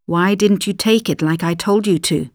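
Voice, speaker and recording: Woman reading as an angry controlling husband, sharp, demanding, dry close sound, mid-pitched voice. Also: normal speed, no room sound, natural voice.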